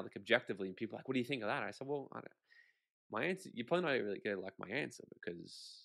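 A man, a podcast guest, telling stories in a lively conversational way, swearing casually and acting out quotes. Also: on the low side, creaky. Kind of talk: animated conversational storytelling.

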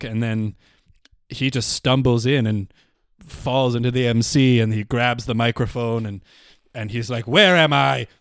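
A man's voice: medium pitch, no echo. A man hosting a solo comedy podcast, telling a story in a rambling, profane, mock-serious way on a close mic. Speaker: podcast host.

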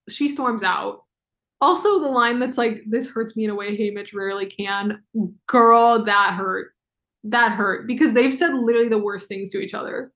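A woman hosting a casual book discussion podcast, chatty and emotional, with quick asides and lots of "like"s. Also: on the high side, fairly bright tone. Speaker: podcast host.

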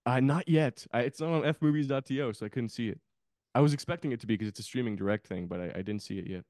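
A man's voice: medium pitch, fast, a little mellow, no echo, studio quality. A man guesting on a podcast, chatting casually about films, rambling and laughing often. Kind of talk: casual film chat.

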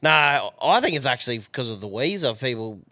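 A man's voice: medium pitch, big pitch swings, fairly quick, pushed and bright, no room sound. An Australian man co-hosting a podcast, chatting in an easygoing, rambling way. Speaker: podcast co-host. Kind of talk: casual chat.

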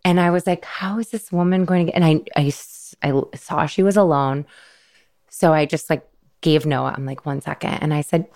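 A woman's voice: sits low, brisk, darkish tone. A woman in her thirties hosting a podcast, telling an emotional story in a casual, earnest way with lots of quoted dialogue. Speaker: podcast host.

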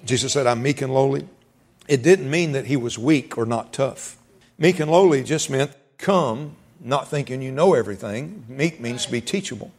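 A man's voice: mid-range voice, expressive, moderate pace, darkish tone. A man preaching a sermon as pastor, folksy, repeating words and rising for emphasis.

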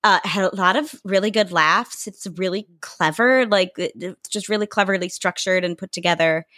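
A woman's voice: medium pitch, moderate pace, a bit bright, no room sound, studio quality. A woman hosting a podcast in casual chat, upbeat and teasing, with frequent giggles. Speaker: podcast host.

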